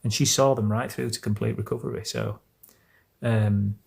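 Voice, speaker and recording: A man from England hosts a casual live stream at home about anxiety recovery, speaking earnestly and rambling with many restarts. His voice is lowish and gravelly, with a steady tone at normal speed.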